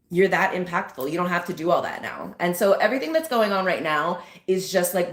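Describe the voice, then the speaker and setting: Rambling woman vlogger in an echoey room. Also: on the low side. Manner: loose, rambling, lots of fillers and acted asides. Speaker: channel host. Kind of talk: casual spiritual vlog talk.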